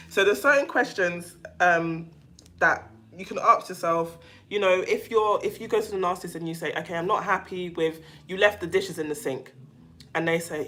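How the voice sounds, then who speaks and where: A woman's voice: on the low side, moderate pace, a bit bright. A woman hosting a casual livestream, chatting to her viewers with lots of fillers and restarts, and reading out their comments as she goes. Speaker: livestream host on narcissistic abuse.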